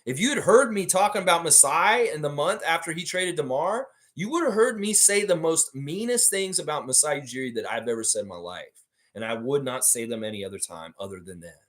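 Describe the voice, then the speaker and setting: A man's voice: fairly high pitch, lively intonation, a little fast, a bit bright. A man hosting a casual sports livestream, reading viewer comments aloud and answering them bluntly, swearing freely. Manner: talks about himself in the third person.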